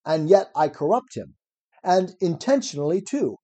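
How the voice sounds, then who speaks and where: Reading a classic dialogue aloud, a man voices an elderly philosopher on trial, cross-examining with irony and probing questions. His voice is fairly high and dark-toned, animated, at a moderate pace.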